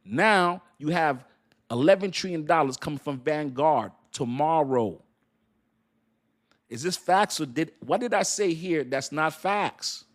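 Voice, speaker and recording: Animated crypto commentator, male, slightly higher pitch, laughing and preachy. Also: unhurried. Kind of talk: casual talk to camera.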